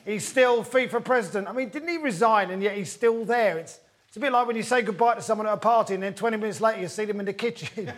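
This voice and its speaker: A man's voice: high-pitched, quick pace, a bit bright, slight background noise. A man hosting a comedy football quiz, joking with the panel and addressing the audience. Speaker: host and quizmaster. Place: stage before a live audience. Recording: live audience laughter behind.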